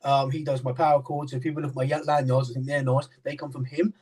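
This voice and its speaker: A British knife sharpener and maker, appearing as a guest on a live stream, explains his sharpening work in casual chat, rambling with many fillers and restarts. His voice is medium-pitched with little pitch movement, quick, a little mellow, and husky. He's far from the mic on a low-quality recording.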